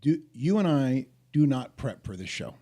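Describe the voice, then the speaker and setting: Emphatic man with a mellow voice. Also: mid-range voice, very animated, moderate pace. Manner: emphatic, keeps checking in with "okay?". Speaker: podcast co-host. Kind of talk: casual podcast chat.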